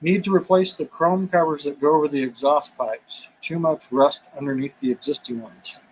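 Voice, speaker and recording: A man's voice: a little high, steady tone, normal speed, a little hiss or hum, rough recording. A man co-hosting a casual live stream from a garage, reading out viewer comments and making easygoing jokes. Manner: joking, easygoing. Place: home garage.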